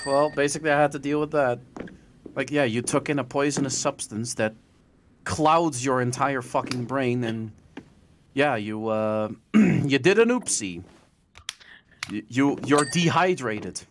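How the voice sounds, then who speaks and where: A man's voice: medium pitch, measured pace, slight background noise. A Dutch man, native Dutch speaker, ranting and telling stories in casual podcast chat, swearing freely. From Netherlands. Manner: profane, ranting storyteller. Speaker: podcast host.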